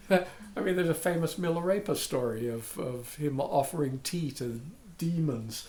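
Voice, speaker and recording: An older man, a dharma teacher, giving a contemplative talk in halting, searching phrases with frequent asides. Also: a little high, animated, a little mellow, reverberant, slight background noise.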